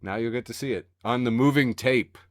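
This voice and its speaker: A man co-hosting a casual podcast, sarcastic and animated, often breaking into laughter. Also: medium pitch, a little fast, no echo, studio quality. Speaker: podcast co-host reading the news. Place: home studio on a video call.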